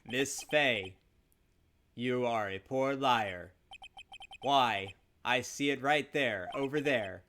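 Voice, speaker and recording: A man voicing a sinister male assassin with slow, theatrical villain delivery in a game playthrough. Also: medium pitch, pushed and bright, a little hiss or hum. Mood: menacing.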